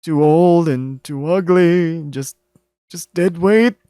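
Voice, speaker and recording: A man voicing a heartbroken older male bear who speaks hoarsely in a low, flat monotone, read aloud from a visual novel. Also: slow, no room sound, clean studio sound. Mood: subdued.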